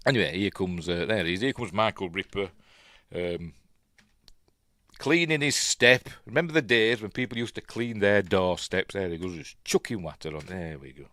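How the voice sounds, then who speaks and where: A man's voice: low-pitched, moderate pace, a bit bright, dry recording, studio quality. A man with a Yorkshire accent casually commentating on an old film as he watches, rambling and chatty with lots of fillers. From Yorkshire, England. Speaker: film review host.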